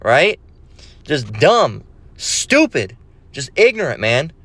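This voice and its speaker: A man's voice: medium pitch, big pitch swings, takes it slowly, fairly bright tone, dry recording. Profane preaching man, dry close voice. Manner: profane, mocking, scripture-quoting, repetitive stammering. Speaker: religious video preacher.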